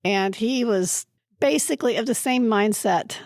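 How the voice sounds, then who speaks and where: A woman co-hosting a library book podcast, recorded at a library, talking casually and slowly about a book she picked, pausing to search for words. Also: fairly high pitch, a little mellow, no room sound, clean studio sound. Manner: slow, searching for words, laughing at times. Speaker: podcast co-host presenting a book pick.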